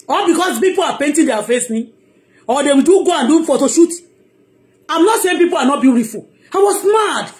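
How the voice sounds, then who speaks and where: A Nigerian-accented woman with a high voice speaks to her followers in a fired-up live monologue. She hammers her points home with emphasis and says them again. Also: expressive, fairly quick, darkish tone. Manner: emphatic, heated, repeats herself. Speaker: online blogger.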